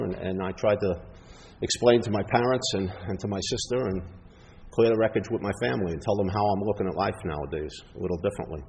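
A middle-aged man sharing his recovery story at a twelve-step meeting, acting out other people's lines in lively bursts. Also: gravelly, muffled recording. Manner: storytelling, acts out others' lines with big jumps in pitch and loudness. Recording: long hall reverb, faint background noise.

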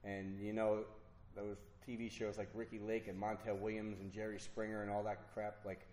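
A man's voice: on the low side, monotone, moderate pace, a little mellow, reverberant. A man telling his own story of drinking and recovery to a group, candid and self-mocking, acting out the voices of the people he quotes. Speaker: speaker sharing a recovery story. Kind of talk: personal storytelling talk.

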